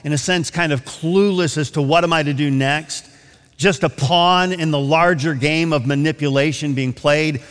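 A high-pitched man preaches with a sweeping, animated voice, jumping into the characters' lines as he reads scripture. His sermon carries a long reverb through a church sanctuary. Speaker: pastor.

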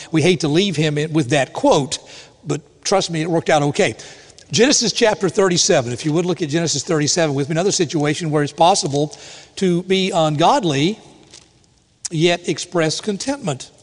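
A man preaching a sermon as pastor, reading scripture aloud in a measured, deliberate cadence. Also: on the high side. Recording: long hall reverb.

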